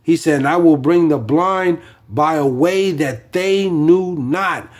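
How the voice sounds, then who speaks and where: A man's voice: fairly high pitch, slow pace, hardly any pauses. A man preaching informally from scripture, rambling with many fillers and restarts.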